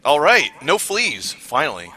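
A man's voice: on the high side, wildly swooping pitch, unhurried, sharp tone, breathy edge. A man co-hosting a podcast in casual chat, joking and playful. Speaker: podcast co-host.

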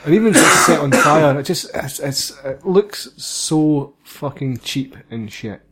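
A man's voice: fairly high pitch, lively intonation, a little slow, fairly bright tone, slight background noise. A Scottish man co-hosting a casual film review chat, dry and sweary, often laughing. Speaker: podcast co-host.

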